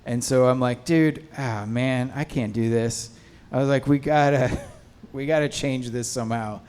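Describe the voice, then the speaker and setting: A man's voice: mid-range voice, fairly even intonation, a little slow, darkish tone, smooth. A man on a film panel, telling a rambling casual story about stepping in as an actor. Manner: rambling, many fillers and restarts.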